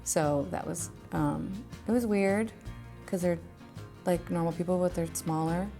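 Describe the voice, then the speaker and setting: A woman speaking in a deadpan interview, with flat, hesitant delivery. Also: lowish voice, measured pace, vocal fry, faint music behind.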